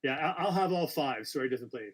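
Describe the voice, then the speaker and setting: A man's voice: mid-range voice, expressive, fast. A man hosting a live-stream quiz, reading out questions with chatty, apologetic asides and frequent self-corrections. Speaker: quiz host.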